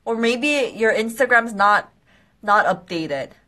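A young woman hosting a live skincare quiz stream, bubbly and excitable, with quick apologetic asides. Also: a little high. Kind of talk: casual live-stream chat.

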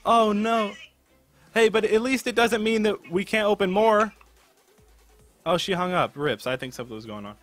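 A man hosting a gaming channel, chatting casually as he opens game cases, excitable and swearing with loud bursts of disbelief. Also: high-pitched, normal speed, long pauses, dry recording, soft background music. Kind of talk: casual live commentary while opening game cases.

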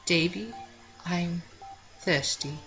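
A woman voicing a gentle, apologetic dying mother in a video game, speaking softly. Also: on the low side, very slow, lo-fi sound, soft background music, heavily acted. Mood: tender.

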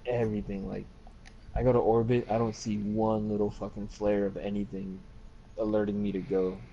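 A man chatting casually over game voice chat, relaxed and rambling, swearing now and then. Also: fairly low pitch, moderate pace. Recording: dull lo-fi chat audio with faint noise.

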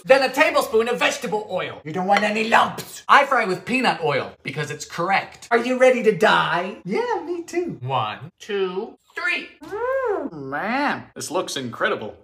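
A young man hosting a comedic baking video, wisecracking with theatrical shouts and squeals. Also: high voice, big pitch swings, moderate pace. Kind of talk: comedic recipe vlog.

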